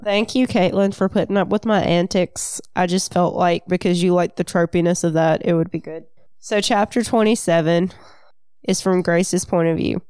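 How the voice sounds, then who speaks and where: A woman's voice: fairly low pitch, fairly even intonation, moderate pace, darkish tone, clear, resonant tone, no room sound, clean studio sound. A woman co-hosting a podcast, casually summarizing a book chapter. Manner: chatty, summarizing. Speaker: podcast co-host.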